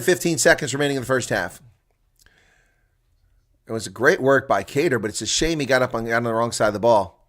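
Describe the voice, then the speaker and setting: A man calling a rugby match live as a chatty, excitable watch-along commentator, with a congested throat that keeps him coughing. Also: medium pitch. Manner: chatty and excitable, laughs at players' mistakes. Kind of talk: live play-by-play reaction commentary.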